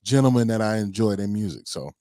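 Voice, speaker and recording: A man's voice: lowish voice, fast talker, dark tone, no room sound. A man co-hosting a casual livestream talk show, easygoing and a little rambling. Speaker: co-host.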